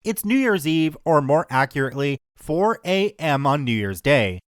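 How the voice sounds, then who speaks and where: Animated man narrating stories, dry sound. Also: a little high, moderate pace, clean tone, no room sound. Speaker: story narrator. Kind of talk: scripted narration of online stories.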